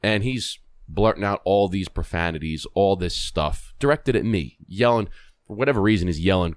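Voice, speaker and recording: A man hosting a podcast, telling a story in an animated, rambling way with swearing and restarts. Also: low voice, normal speed, no echo. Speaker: podcast host.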